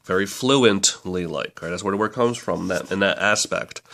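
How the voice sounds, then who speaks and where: A man's voice: on the low side, fairly bright tone. A man casually reviewing a language book, chatty and rambling, often correcting himself mid-sentence.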